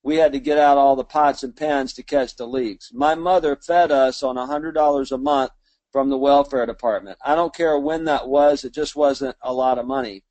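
A man's voice: medium pitch, moderate pace, darkish tone, no echo. A man in his fifties from Alabama, speaking with a Southern accent and giving a motivational talk as a small business owner, folksy and self-deprecating. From Mobile, Alabama. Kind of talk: motivational storytelling speech.

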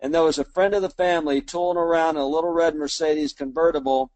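He talks quickly with fairly even intonation, his voice a bit high and darkish, with no echo. A Southern-accented small business owner in his fifties from Mobile, Alabama, he delivers a folksy, self-deprecating motivational talk built on stories.

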